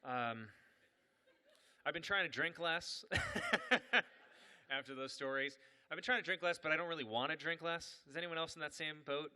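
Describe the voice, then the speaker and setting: Man, comedian host, stand-up storytelling, self-mocking, bright tone, higher pitch. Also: fairly quick, clean tone, long reverb tail. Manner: animated, self-mocking, laughing.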